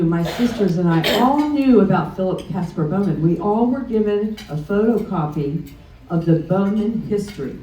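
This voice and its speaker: A woman's voice: lowish voice, mellow, a little hiss or hum. A middle-aged woman giving a personal presentation at a chapter meeting, hesitant, with frequent ums and restarts. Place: meeting room during a luncheon. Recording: roomy sound from a distant mic.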